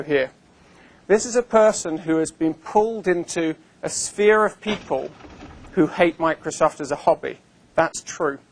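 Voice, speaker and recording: Man giving a wry, chatty conference talk. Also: a little high. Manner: conversational and wry, with frequent fillers. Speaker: invited speaker. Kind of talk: conference presentation to a live audience. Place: conference room with an audience.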